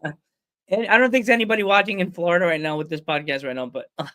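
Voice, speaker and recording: A man's voice: high voice, lively intonation, racing, sharp tone, dry recording. Chatty American man, dry sound. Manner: chatty, rambling, laughs often. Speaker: podcast host. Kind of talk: casual chat. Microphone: remote call mic.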